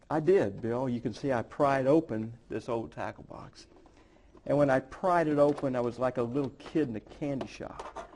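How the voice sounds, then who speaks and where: A middle-aged man with a gravelly, fry-edged voice shares a heartfelt personal story as a guest in a TV studio interview. His pitch sits in an ordinary middle range, and his telling is earnest and halting, full of small restarts. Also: a little mellow. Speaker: guest, author and speaker. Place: television studio.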